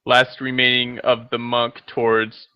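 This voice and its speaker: A man playing a proud, gruff monk, speaking stiffly and formally. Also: medium pitch, monotone, a little slow, no echo, dull audio, natural voice.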